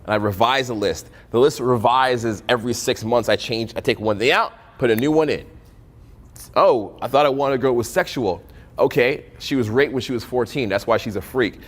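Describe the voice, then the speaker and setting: A man's voice: medium pitch, normal speed, in a large hall. A young man coaching on dating in a casual, profane storytelling style, acting out both sides of conversations.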